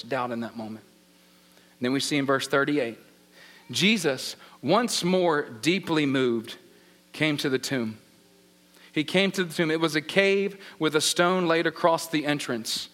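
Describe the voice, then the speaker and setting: A man's voice: fairly high pitch, fairly bright tone. A male pastor preaching a sermon, retelling a scripture story in an informal, conversational way. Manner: storytelling, paraphrases scripture in everyday talk.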